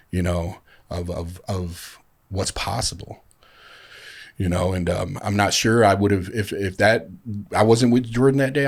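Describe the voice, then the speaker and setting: A man with a very low voice speaks in a casual podcast conversation. He talks in a heartfelt, rambling way, with many fillers and restarts. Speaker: podcast guest in recovery. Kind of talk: casual chat.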